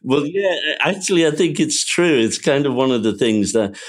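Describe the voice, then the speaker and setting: A man's voice: medium pitch, animated, normal speed. A man with a Liverpool accent, a guest author, recalling his working-class life in a reflective, storytelling way. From Liverpool, England. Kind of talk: casual interview.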